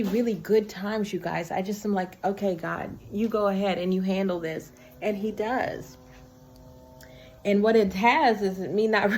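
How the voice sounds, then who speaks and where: A woman's voice: mid-range voice, a little mellow. A woman vlogging straight to camera in a casual, earnest and heartfelt way, recorded on a built-in camera or phone mic. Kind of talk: casual personal talk to camera.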